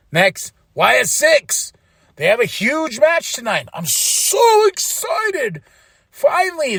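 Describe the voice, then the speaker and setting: A man hosting a podcast, recapping a wrestling show in a casual, animated way, laughing and acting out quotes. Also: sits high, creaky, no echo, clean studio sound. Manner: animated, laughs often, quotes others in voices. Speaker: podcast host.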